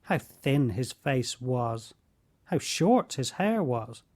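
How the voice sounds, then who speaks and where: Slow measured male audiobook narrator. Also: mid-range voice, very animated, a little mellow. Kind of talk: scripted narration.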